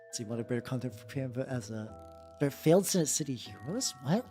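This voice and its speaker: Her bass voice is expressive, fast and mellow as this young US woman streams herself painting miniatures as a VTuber. She chats loosely, restarting sentences, leaning on fillers and swearing casually, with faint background music.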